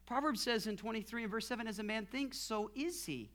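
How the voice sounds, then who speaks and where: A male pastor delivers a sermon in a high, bright, ringing voice. He builds to shouted declarations, then eases into quiet, nearly whispered teaching with a laugh here and there. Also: fairly quick, few pauses.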